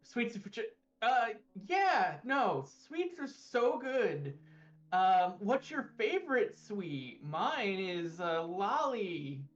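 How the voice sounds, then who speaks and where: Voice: mid-range voice, very animated, slow pace, dull audio, voice pushed up. A player voicing Octavio, a pompous young noble who gushes in an overly formal way. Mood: eager.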